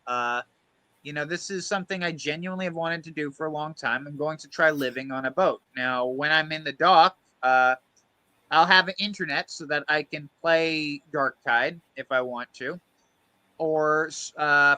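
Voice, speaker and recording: A man with a sharp, bright voice, a touch high, hosts a casual stream. He hesitates with fillers and drops profanity. The sound is dry and close. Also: dry recording. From United States. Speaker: host.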